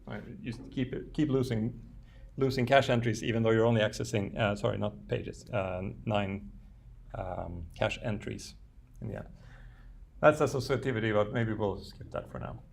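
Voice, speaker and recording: A man's voice: lowish voice, normal speed, vocal fry, slight background noise. A man giving a university lecture, thinking aloud with frequent fillers and restarts. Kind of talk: classroom lecture. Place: lecture room.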